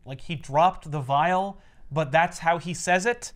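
A man's voice: a little high, normal speed, a bit bright, smooth. A man co-hosting a podcast, casually recapping a comic with rambling filler-heavy narration and wry asides.

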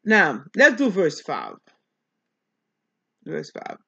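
Woman pastor, unhurried Bible teaching, bright lively delivery, muffled lo-fi sound. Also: sits low, vocal fry, slightly rough. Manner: animated preaching, talks back to the text.

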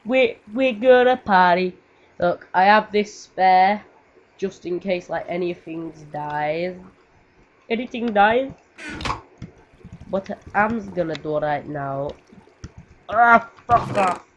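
A woman, giving rambling, swear-heavy casual commentary while playing a game. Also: lowish voice. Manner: rambling, swears often, sings to herself. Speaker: gaming video creator. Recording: muffled noisy home mic.

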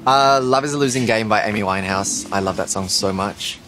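A young man in his twenties from Australia, answering interview questions in a relaxed, playful, self-deprecating way outdoors at a home. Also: lowish voice, a little fast, slight background noise.

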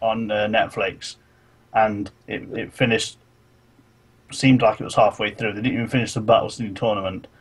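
A man's voice: on the low side, steady tone, normal speed, slightly rough. A young man co-hosting a gaming podcast, ranting animatedly with plenty of swearing. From United Kingdom. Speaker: podcast co-host. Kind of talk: casual gaming chat.

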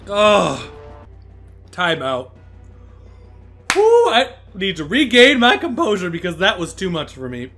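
Man, let's play host: high, bright voice that swings wildly, excitable yelps and groans over faint game music. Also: takes it slowly, pauses often. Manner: excitable, loud exclamations and groans. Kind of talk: live gameplay commentary.

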